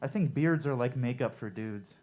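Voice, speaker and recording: A man performing stand-up one-liners at a coffee shop open mic, with a deadpan, offhand delivery. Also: mid-range voice, normal speed.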